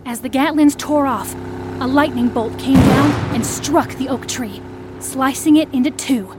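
High-voiced woman narrating an audio story. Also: measured pace, heavy background noise. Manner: expressive, acts out shouted lines. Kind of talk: scripted audio story narration, first person.

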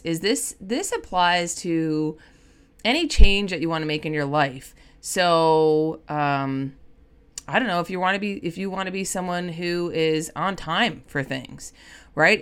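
A young adult woman hosting her own podcast, talking in a bubbly, animated way and acting out the voices she quotes. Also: lowish voice, clean tone. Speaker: podcast host. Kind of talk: upbeat solo podcast monologue.

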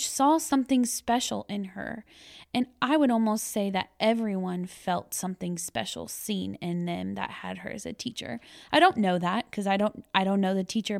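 Gravelly-voiced woman telling stories. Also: mid-range voice, a little mellow. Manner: storytelling, acts out children's voices and her own past words. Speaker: guest, former school educator. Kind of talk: casual podcast conversation.

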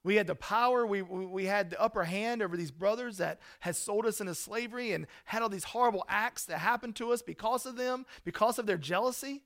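Gravelly-voiced preaching man. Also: high-pitched, brisk, few pauses. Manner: earnest, preacherly, swings from loud emphasis to soft hushed lines. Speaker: pastor. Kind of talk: sermon.

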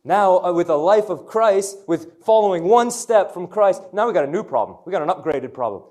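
Energetic young male youth preacher. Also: sits high, a little fast. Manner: energetic, storytelling, call-and-response. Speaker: youth pastor. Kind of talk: sermon.

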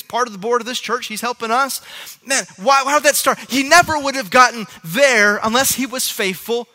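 A man with a high, very bright and forceful voice, preaching in a loose, conversational way and often tossing quick asides to his listeners. His sermon rings out with a long reverb, as in a large church hall. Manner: conversational, frequent "right?" asides to the audience. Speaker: pastor.

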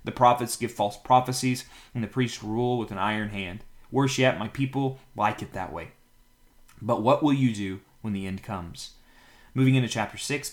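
Man, lowish voice, reads scripture aloud for a daily podcast, steady delivery, the odd stumble fixed on the fly. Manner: steady reading with occasional stumbles and self-corrections. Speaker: Bible reading podcast host.

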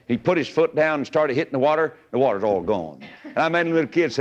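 A man's voice: mid-range voice, lively intonation, quick pace. A man preaching a sermon in a folksy storytelling way, acting out the voices of the people in his story. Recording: dull lo-fi recording.

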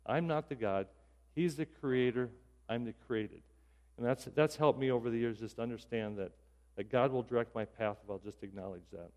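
A man's voice: mid-range voice, moderate pace, a little mellow, lo-fi sound. Conversational man preaching in a reverberant hall. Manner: conversational, self-deprecating, with repeated restarts. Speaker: pastor. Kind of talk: sermon.

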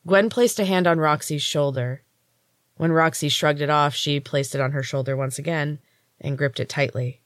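A woman's voice: low voice, fairly even intonation, normal speed, dry recording. Woman reading a novel aloud, dry sound. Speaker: storytelling podcast host. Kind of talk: first-person novel reading.

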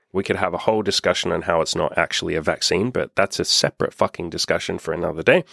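Australian man, lowish voice, dry close sound, blunt and sweary, casual coaching talk. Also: gravelly, a bit bright, no echo. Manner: blunt, profane, repetitive emphasis. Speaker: self-help coach. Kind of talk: casual monologue.

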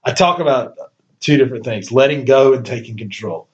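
A man hosting a podcast, talking in an easy, rambling way with bursts of enthusiasm and quick laughs. His voice sits at an ordinary middle pitch, and the recording sounds a little dull and lo-fi. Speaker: podcast host. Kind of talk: casual podcast chat.

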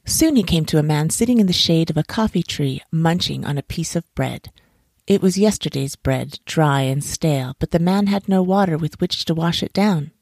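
A woman reads a children's folk tale aloud in a measured, expressive way. Her voice is low and gravelly. It is recorded close and dry, with no room sound. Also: no room sound. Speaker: storyteller. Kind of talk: storybook narration.

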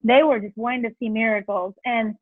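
A woman's voice: fairly high pitch, fairly quick, no room sound. A woman telling faith stories as a guest, acting out the quotes. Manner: animated storyteller, acts out quotes. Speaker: guest, children's ministry leader. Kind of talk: storytelling in a faith interview. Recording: tinny phone-like line.

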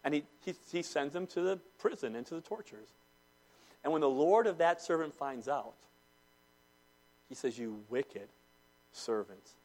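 High-voiced pastor preaching with swings. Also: male voice, lively intonation, normal speed, long pauses. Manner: dynamic preaching, swinging from loud declarations to hushed intensity. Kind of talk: sermon. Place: church before a congregation.

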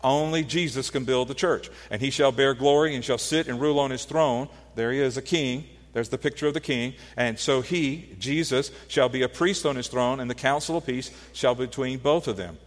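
A man's voice: mid-range voice, moderate pace, hardly any pauses, big-room sound. A man preaching a sermon, teaching earnestly with rhetorical questions and frequent restarts. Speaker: pastor.

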